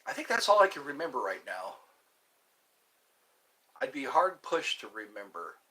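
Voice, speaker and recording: This livestream host, a man streaming from his home, is very animated as he reads viewer comments and rambles through their questions. His medium-pitched voice moves at normal speed and sounds bright and forceful.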